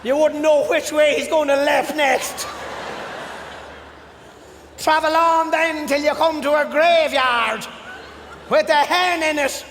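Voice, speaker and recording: A man with an Irish accent voicing a long-winded rural Irishman who rambles through directions, drawling low and superstitious. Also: steady tone, takes it slowly, long pauses, a bit bright, slight background noise, heavily acted. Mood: rambling. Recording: live room with long reverb, audible crowd.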